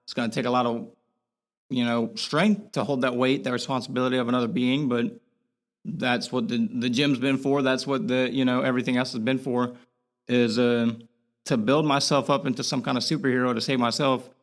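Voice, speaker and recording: A man's voice: medium pitch, fairly even intonation, a little fast. A young man as a podcast guest, talking earnestly and rambling in a candid interview, with lots of fillers and restarts.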